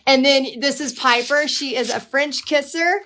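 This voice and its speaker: An upbeat woman in her forties leads a live painting class from her home studio. Her voice sits a little high, and her talk is chatty and relaxed. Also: normal speed, a little hiss or hum. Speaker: painting instructor and host. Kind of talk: casual live-stream teaching.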